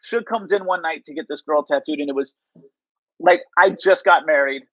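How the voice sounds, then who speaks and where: A man's voice: fairly high pitch, normal speed, no echo, highs cut off. A man being interviewed, telling casual stories and filling them with "like" and "you know". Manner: rambling, heavy use of "like" and "you know". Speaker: interview guest. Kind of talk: casual storytelling.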